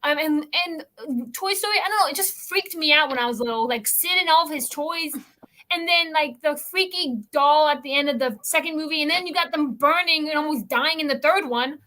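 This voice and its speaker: A woman's voice: high-pitched, brisk, bright, forceful tone. A young woman hosting a casual chat, talking in a rambling way with lots of filler words. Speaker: host.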